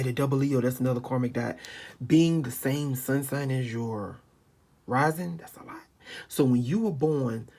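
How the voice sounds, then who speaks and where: A man with a gravelly, creaky edge and a middle pitch talks through an astrology reading into the phone in his hand. He is emphatic and rambling, circling back over the same phrases. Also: a little mellow. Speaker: astrology reader. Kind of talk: informal spoken astrology reading. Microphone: handheld phone.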